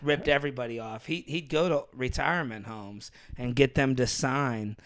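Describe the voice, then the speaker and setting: A man's voice: medium pitch, moderate pace, a bit bright, no room sound. A man in casual chat, telling stories and slipping into the voices of the people in them. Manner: storytelling, slipping into quoted voices.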